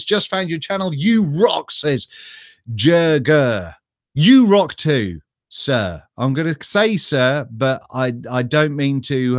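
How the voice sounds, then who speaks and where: A man's voice: on the high side, no room sound, studio quality. A man from Norfolk hosting a live stream, reading viewers' chat messages in a rambling, joking way that is sprinkled with laughs and casual swearing. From Norfolk, England.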